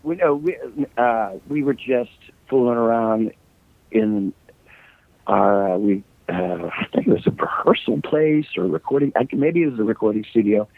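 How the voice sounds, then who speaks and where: A man's voice: mid-range voice, animated, moderate pace, gravelly, no room sound. Middle-aged rock guy, bit scratchy, joking around, dry thin phone-call sound. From United States. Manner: loose, joking, rambling storyteller. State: slightly scratchy voice. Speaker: rock singer, guest. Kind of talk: casual interview chat. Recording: dry, tinny call line.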